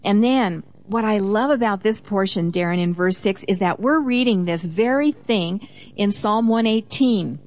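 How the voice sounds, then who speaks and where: A woman of middle pitch co-hosting a Christian teaching talk. She reads Bible verses aloud with firm emphasis, then explains them in a conversational tone. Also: measured pace, darkish tone. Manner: reads scripture aloud with emphasis, affirming interjections. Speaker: co-host of a Christian teaching program.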